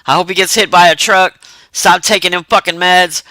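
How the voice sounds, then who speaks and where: A man's voice: sits high, fairly even intonation, normal speed, pushed and bright, no echo, low-quality recording. A man voicing a foul-mouthed, scheming cat who goads and pushes crudely. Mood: goading. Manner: crude, pushy, goading.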